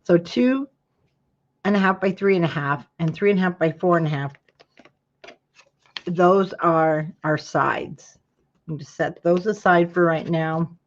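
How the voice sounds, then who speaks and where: A woman's voice: on the low side, a little slow, pauses often, highs cut off. A woman hosting a live craft tutorial, chatting to her viewers while she works and yawning now and then. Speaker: craft class host.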